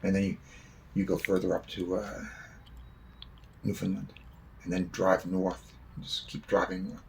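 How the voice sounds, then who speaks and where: A man's voice: low-pitched, monotone, moderate pace, gravelly, slight background noise. A man telling a long, rambling personal story in a casual spoken way, swearing freely.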